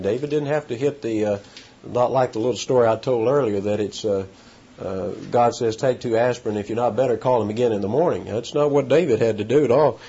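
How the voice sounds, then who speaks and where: Animated preacher man, dull lo-fi recording. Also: slight background noise. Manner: animated, pitch jumping up on emphasis, halting restarts. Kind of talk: sermon. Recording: dull lo-fi sound.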